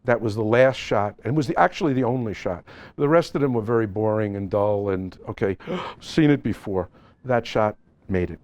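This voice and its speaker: A middle-aged or older photographer telling animated, joking stories at a live seminar with slides. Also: male voice, on the low side, normal speed, no echo. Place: seminar event space.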